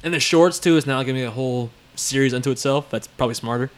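A young man co-hosting a casual chat, animated and swearing, with quick outbursts of disbelief. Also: medium pitch. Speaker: podcast co-host.

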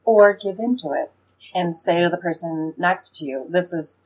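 A woman hosting a radio talk show, speaking in a lively, conversational way, often laughing and acting out what people said. Her voice is slightly husky. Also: fairly low pitch, normal speed, poor audio. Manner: animated, laughs often, acts out quoted speech. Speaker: podcast and radio host. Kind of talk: conversational interview. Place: radio studio.

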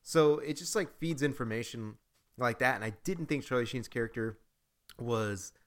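A man co-hosting a casual movie review podcast, rambling and animated, often acting out his own reactions. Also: medium pitch, normal speed. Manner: rambling, animated, acts out quotes. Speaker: podcast co-host.

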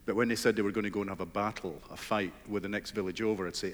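A man's voice: lowish voice, steady tone, very fast. A middle-aged Scottish man talking as a guest author on stage, self-deprecating and laughing, with stammered restarts. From Scotland. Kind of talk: onstage conversation. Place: large hall with live audience. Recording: reverberant large hall.

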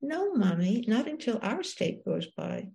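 A woman's voice: a little high, very animated, a little slow, vocal fry, warm tone, heavily acted. An older woman reading from her memoir, voicing a patient, genial older senator in a slightly raised voice. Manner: patient, folksy.

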